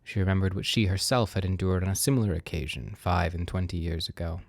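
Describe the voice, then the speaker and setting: A man gently narrating a classic novel in a soft, soothing read-aloud style. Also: deep voice, fairly even intonation, fast, no echo. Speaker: audiobook reader.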